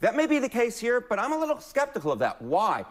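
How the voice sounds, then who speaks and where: Emphatic high-voiced TV polling analyst. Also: male voice, quick pace. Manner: energetic, emphatic, playful. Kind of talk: broadcast news analysis.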